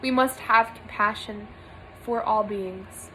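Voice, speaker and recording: A woman's voice: mid-range voice, steady tone, slow, bright, forceful tone, a little hiss or hum, poor audio. A young woman giving an earnest spiritual monologue to camera from a small room, emphatic and repeating phrases for stress. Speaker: spiritual vlogger.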